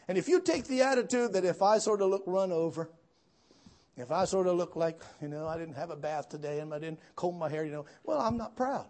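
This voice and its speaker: A man preaching a sermon, telling folksy stories with asides to the congregation and building to loud, emphatic peaks. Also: high-pitched, animated, a little fast. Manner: storytelling, swells to shouts at climaxes.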